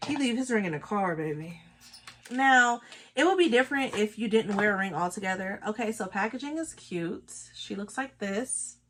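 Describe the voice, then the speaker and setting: A woman's voice: fairly high pitch, fairly bright tone, slight background noise. A woman, chatting casually and telling gossipy stories with sassy asides while she does her makeup. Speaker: beauty vlogger.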